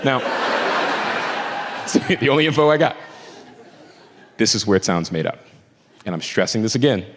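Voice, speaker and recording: A young man doing crude, animated stand-up storytelling with mock outrage on a comedy club stage, talking into a handheld mic. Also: on the low side. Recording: live club, crowd laughter, long reverb.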